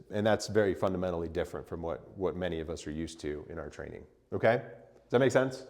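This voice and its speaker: Slow-talking male chant teacher in a reverberant hall. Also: deep voice, a little mellow. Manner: explains with many fillers and "right?", "okay?" checks; sings solfege syllables as demonstrations. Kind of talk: church music class. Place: church hall.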